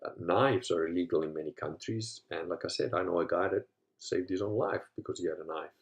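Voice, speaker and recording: A host in his fifties from Africa tells stories in a casual monologue, swearing freely and swinging between low muttering and loud, animated retelling. He talks a little fast, with a gravelly voice.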